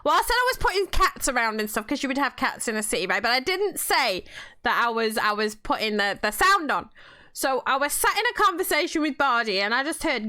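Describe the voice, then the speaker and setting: A woman's voice: sits high, sing-song, fast talker, bright, forceful tone. A woman chatting casually while playing a game, telling stories and laughing often. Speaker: game streamer. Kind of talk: casual gameplay chat.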